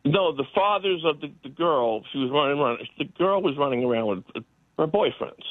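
A man calling in to a radio show, retelling a story in a rambling, halting way. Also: a little high, expressive, no echo. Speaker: caller. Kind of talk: telling a story on a phone call. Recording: tinny phone line.

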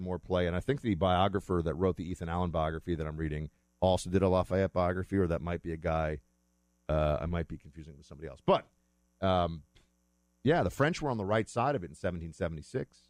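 A man's voice: low voice, quick pace, a little mellow, dry recording. A man talking casually as a host, rambling and correcting himself as he goes, with the odd chuckle. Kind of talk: casual monologue.

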